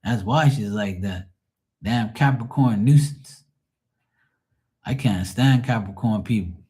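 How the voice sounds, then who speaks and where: A man's voice: lowish voice, slow pace, a little mellow. A middle-aged man venting on a live call in a profane, rambling, exasperated way. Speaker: caller on a live tarot stream. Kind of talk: casual venting.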